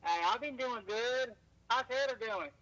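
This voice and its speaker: A man's voice: very high voice, measured pace, pushed and bright, rough recording. A man calling in to a live show, laid-back and giving brief replies. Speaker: caller. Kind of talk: casual call-in chat.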